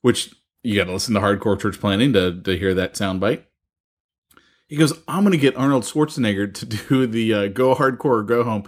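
A man co-hosting a podcast, telling stories in a casual, laughing, animated way. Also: lowish voice, a little fast. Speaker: podcast co-host. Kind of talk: casual chat.

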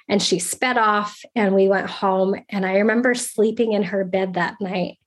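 A young adult woman telling a personal story in an earnest, reflective way, with halting restarts. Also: mid-range voice, steady tone. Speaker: storyteller sharing a personal experience.

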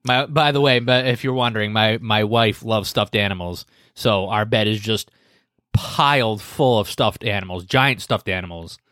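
A man's voice: fairly low pitch, moderate pace, fairly bright tone, no echo. Male co-host, rambling and easygoing, dry close mic. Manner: rambling, hesitant, with many fillers. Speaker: podcast co-host. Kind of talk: casual chat.

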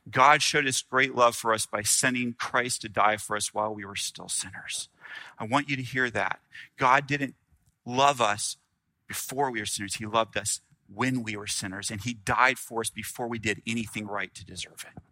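Male pastor, sermon delivery, bright forceful tone, loud-to-hushed swings. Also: fairly low pitch, no echo. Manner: earnest preaching, dramatic pauses, swings from loud to hushed.

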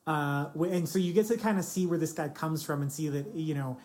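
Low-voiced woman chatting about a sitcom. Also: a little fast, darkish tone, a little hiss or hum. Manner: chatty, many fillers and restarts. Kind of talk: casual chat about a TV show.

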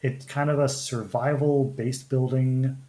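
A man hosting a casual podcast chat, talking in a halting way with frequent restarts and fillers. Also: mid-range voice, fairly even intonation, warm tone. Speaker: podcast host.

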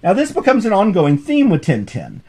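Male professor host, casual lecture tone, animated and bouncy, slightly raised pitch, amused. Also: normal speed. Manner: animated, amused storytelling with frequent restarts. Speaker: professor hosting a comics course podcast.

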